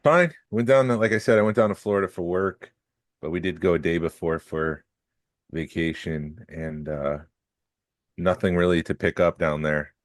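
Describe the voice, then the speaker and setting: A man's voice: sits low, normal speed, no room sound. A man co-hosting a casual podcast chat, telling stories with dry, teasing wit. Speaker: podcast co-host.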